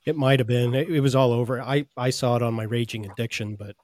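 A man's voice: medium pitch, steady tone, fast talker, a little mellow, dry recording, clean studio sound. A man joining a podcast round table, recounting a clip in a loose, rambling casual chat. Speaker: podcast guest.

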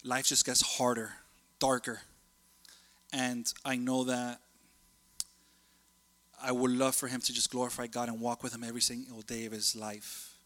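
A man preaching a sermon in a chatty, animated way, telling family stories and jumping between thoughts. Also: mid-range voice, normal speed, pauses often, long reverb tail.

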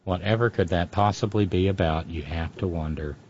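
A man's voice: low voice, a little fast, darkish tone, husky. A man hosting a satirical comedy show, delivering mocking political commentary on slightly muffled audio. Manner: sarcastic, mocking.

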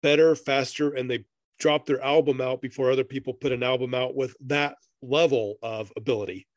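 A man's voice: mid-range voice, fairly even intonation, fairly quick, no echo. A man co-hosting a podcast in casual chat, rambling through his notes and laughing often. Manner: rambling, reads passages aloud, laughs often. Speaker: podcast co-host.

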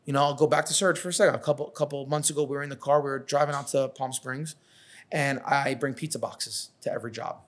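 This man speaks at a quick pace with a medium-pitched voice. In his thirties, from New York and owner of a catering business, he tells animated, swear-filled stories in a laid-back podcast chat, acting out what people said.

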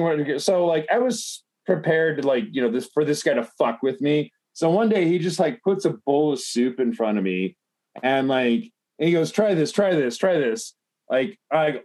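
A man's voice: on the high side, animated, normal speed, darkish tone. A man telling a long personal story in casual podcast chat, rambling with lots of fillers and swearing.

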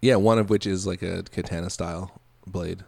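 A man co-hosting a podcast in casual chat, relaxed, laughing easily and trailing off. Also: low-pitched, normal speed, gravelly, breathy edge, no echo. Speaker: podcast co-host.

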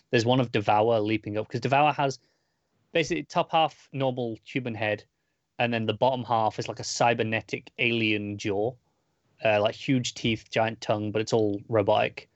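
A man's voice: on the low side, dry recording, highs cut off. A man co-hosting a comics podcast, recapping an issue in a loose, rambling way with lots of fillers and restarts. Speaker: podcast co-host reviewing comics. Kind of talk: casual chat.

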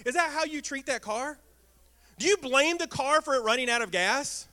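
A man preaching a sermon as pastor, talking in a lively way and asking the congregation questions. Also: very high voice, moderate pace. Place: church sanctuary.

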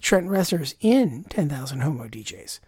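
A woman's voice: low-pitched, sing-song, normal speed, darkish tone, breathy edge, dry recording, clean studio sound. A woman co-hosting a podcast in casual chat, rambling and chatty, full of asides and fillers.

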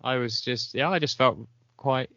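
A man, co-hosting a casual chat podcast, chatty and quick to laugh. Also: mid-range voice, bright, forceful tone, no room sound, muffled recording. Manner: chatty, laughs often, trails off. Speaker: podcast co-host.

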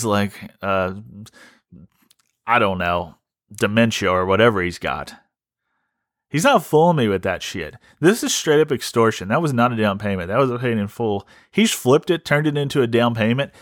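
A man's voice: mid-range voice, dry recording, studio quality. A man hosting a podcast who tells a story as an exasperated, wry rant and often repeats himself. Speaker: podcast host.

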